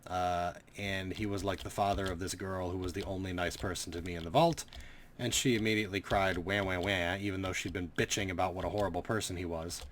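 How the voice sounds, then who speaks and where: Deep-voiced sarcastic male gaming commentator. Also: fairly even intonation, quick pace, slight background noise. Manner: rambling, sarcastic, swears freely. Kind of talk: casual gameplay commentary.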